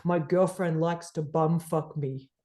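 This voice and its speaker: Woman doing a deep-voiced droning male caller. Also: steady tone, slow pace, a little mellow. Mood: deadpan. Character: deep-voiced creepy male phone-sex caller, monotonous.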